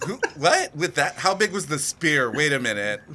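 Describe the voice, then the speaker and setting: A man's voice: on the high side, big pitch swings, moderate pace, bright, forceful tone. A man co-hosting a comedy podcast, dropping dry one-liners and mock-posh bits. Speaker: podcast co-host. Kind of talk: crude comedic banter.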